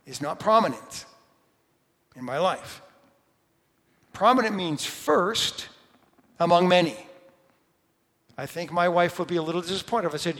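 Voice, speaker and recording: A middle-aged man preaching a sermon, emphatic, rising to loud stresses on key words. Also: on the high side. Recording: long hall reverb.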